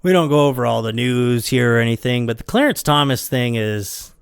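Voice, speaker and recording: A man's voice: medium pitch, expressive, brisk, clean tone, dry recording, clean studio sound. A man hosting a podcast in casual chat, rambling with many fillers and frequent laughter. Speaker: podcast host.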